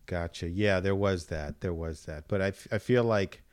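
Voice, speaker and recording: A man chatting casually about a TV show, animated, acting out his reactions and swearing freely. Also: low voice, normal speed, no room sound, clean studio sound. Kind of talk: casual review chat.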